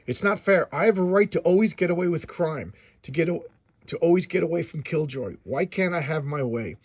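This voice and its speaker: A man's voice: on the high side, expressive, a little fast, breathy edge, no room sound. A man doing a whiny comic crook. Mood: whining. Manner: whining, self-pitying. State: hoarse.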